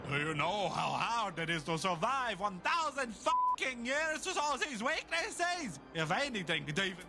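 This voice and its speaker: A man's voice: sits high, sing-song, moderate pace, over loud music. A man voicing a hot-tempered thousand-year-old vampire who swears and rants theatrically in a comic animation. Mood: outraged. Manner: ranting, swearing, theatrical outbursts.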